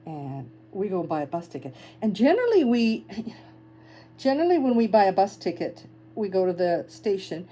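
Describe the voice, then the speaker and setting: A woman's voice: medium pitch, normal speed, rough recording. A middle-aged woman casually telling a travel story, laughing often and acting out the people she quotes. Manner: animated, laughs often, acts out quoted voices. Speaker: travel vlogger.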